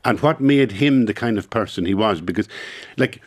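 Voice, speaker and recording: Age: adult. Sex: man. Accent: Irish. Pitch: fairly low. Style: reflective interview guest in a studio. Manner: halting, searching for words. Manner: thoughtful, halting, many repeated words. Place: radio studio.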